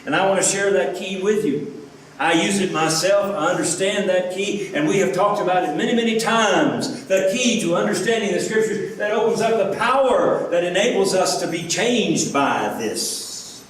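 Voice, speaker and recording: A man's voice: high-pitched, moderate pace. A man preaching a sermon as pastor, earnest, asking his listeners rhetorical questions. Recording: echoey room, from a distance, faint background noise.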